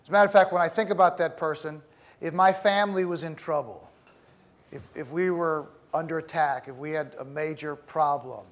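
A middle-aged man giving a classroom lecture, speaking in a measured, deliberate way with pauses and the odd repeated word. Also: fairly high pitch, steady tone. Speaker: teacher.

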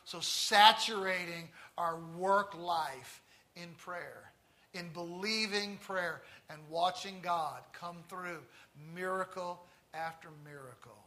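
A man with a Tennessee accent preaching a sermon, stressing key words slowly and turning to the congregation with folksy asides. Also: high-pitched, sharp tone. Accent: Southern US, Tennessee.

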